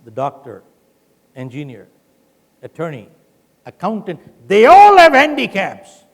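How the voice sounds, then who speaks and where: A man's voice: high voice, wildly swooping pitch, measured pace, heavily acted. A man voicing a stern older sales manager. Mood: scolding. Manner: blunt and scolding. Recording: long hall reverb.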